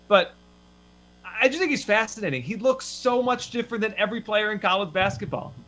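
A man hosting a sports podcast, chatting casually in an animated, rambling way with many restarts. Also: high voice, a little fast. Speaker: podcast host.

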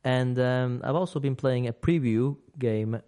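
A man's voice: mid-range voice, unhurried, mellow. A man hosting a casual games podcast, talking at length, restarting sentences and laughing easily. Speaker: podcast host.

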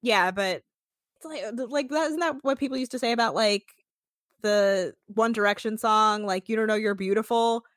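A woman's voice: on the high side, normal speed, no room sound, clean studio sound. A woman co-hosting a podcast, chatting casually and sarcastically about reality TV, swearing freely. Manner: animated, sarcastic, swears freely, acts out quotes. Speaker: podcast co-host. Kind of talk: casual chat recapping reality TV.

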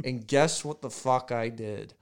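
A man's voice: medium pitch, a little slow, clear, resonant tone. Man, podcast co-host, casual chat, rambling, profane.

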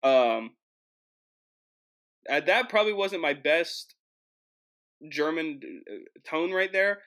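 A young American man hosting his own show, telling a travel story in an animated, jokey way with lots of restarts. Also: a little high, slow, clear, resonant tone. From United States. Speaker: host. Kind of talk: casual storytelling monologue.

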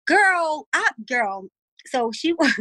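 Animated Baltimore woman telling stories. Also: a little high, brisk, dry recording, poor audio. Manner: animated storytelling, acts out voices. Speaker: guest. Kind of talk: casual chat.

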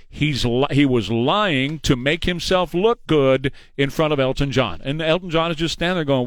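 A middle-aged man hosting a talk show, delivering a combative, sarcastic political monologue at a fast clip. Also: on the high side, clean tone, dry recording. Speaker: radio talk show host.

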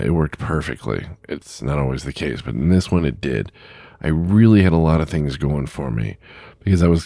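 A man's voice: a bass voice, vocal fry, a little mellow, slightly rough, no room sound, studio quality. A middle-aged man, a truck driver, telling a story in a blunt, rambling, plain-spoken way. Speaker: long-haul truck driver. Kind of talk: casual storytelling to camera.

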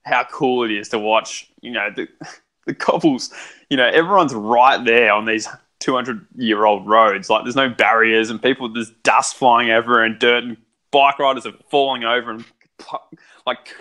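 A man's voice: medium pitch, normal speed, pushed and bright. A young man chatting as a guest, telling stories in a loose, rambling way with lots of fillers. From Australia. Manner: chatty storyteller, many fillers and restarts. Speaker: guest, son. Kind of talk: casual conversation.

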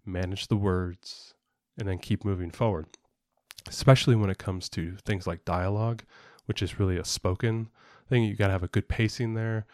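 Co-hosting a laid-back podcast, this man, also a parent, gives long, rambling explanations peppered with fillers and false starts. His fairly low, darkish voice moves at a normal speed with fairly even intonation, recorded in studio quality with no room sound.

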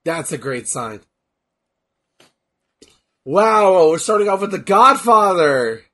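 A man co-hosting a casual chat, excitable and swearing freely, his voice cracking from being sick. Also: high-pitched, slow. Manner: excitable, swears, laughs often. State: voice cracking from illness. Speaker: podcast co-host.

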